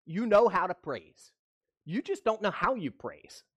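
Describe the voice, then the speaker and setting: A man's voice: sits high, sing-song, measured pace, fairly bright tone, breathy edge. A man preaching a livestreamed sermon, talking casually and often asking his listeners questions. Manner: conversational preaching, asks the audience questions. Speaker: pastor.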